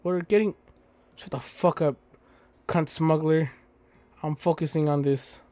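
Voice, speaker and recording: A man's voice: on the high side, steady tone, a little slow, warm tone, no echo. A young man playing a game on stream, reading its text aloud and breaking off into crude, joking asides. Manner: crude, joking asides between read lines. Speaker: let's play host. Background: faint game music.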